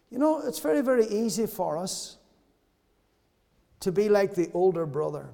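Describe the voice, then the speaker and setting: A man preaching to a church service, his voice sitting high and full of feeling. He slips into the voices of the people in his story as he goes. The sound hangs in a long hall reverb. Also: big pitch swings, moderate pace, vocal fry, pauses often, mellow. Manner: impassioned, acts out voices of the brother and father. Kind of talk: sermon.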